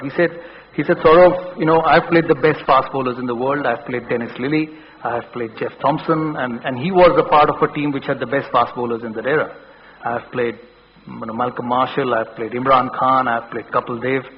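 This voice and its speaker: A man's voice: steady tone, fairly quick. A man in his forties with an Indian English accent gives a motivational talk to a hall. His delivery is earnest, full of restarts and repeated words. The sound is dull and lo-fi, with a long reverb and a faint hum behind it. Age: 40s. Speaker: keynote speaker. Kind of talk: motivational speech with anecdotes. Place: large hall. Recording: dull, boomy hall recording.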